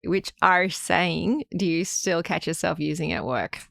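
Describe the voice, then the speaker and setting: A podcast host asking quick, light questions. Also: female voice, lowish voice, vocal fry, fairly bright tone, dry recording, clean studio sound. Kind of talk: casual chat.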